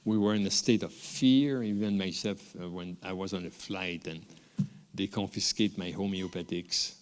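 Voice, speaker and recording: A man with a French accent addresses a graduation crowd, his fairly low voice ringing out in a large hall with long reverb. He talks in loose, wandering sentences, restarting words often and chuckling at his own asides. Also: steady tone, moderate pace. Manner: rambling, warm asides, frequent restarts and chuckles. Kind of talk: unscripted ceremony speech.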